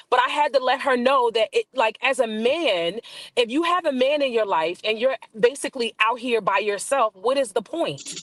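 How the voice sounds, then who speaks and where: A woman's voice: fairly high pitch, normal speed, fairly bright tone, no room sound, rough recording. A woman panelist sharing her view in casual discussion, often restarting phrases as she talks.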